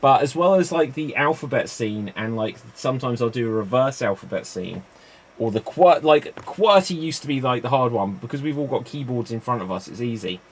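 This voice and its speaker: A man's voice: medium pitch, animated, brisk. A man hosting a live-streamed improv show, chatty and rambling between games.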